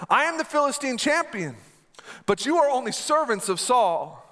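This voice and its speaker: A man voicing a proud male giant warrior who shouts taunts across a battlefield. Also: very high voice, big pitch swings, moderate pace, pitched above the performer's own voice, heavily acted. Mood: taunting. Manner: taunting, boastful.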